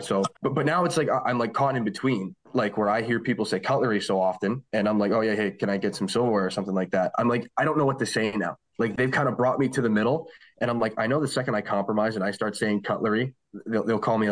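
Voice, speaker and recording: A young man from the Pittsburgh area, a hockey broadcaster, chatting casually on a podcast in a rambling, self-deprecating way. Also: lowish voice. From Pittsburgh area, Pennsylvania.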